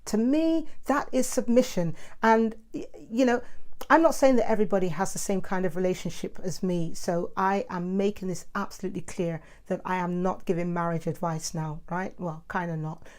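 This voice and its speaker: A woman's voice: fairly low pitch, steady tone, normal speed, darkish tone. A middle-aged woman, talking casually and animatedly in her own monologue, self-described as the mouthy one. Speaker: host.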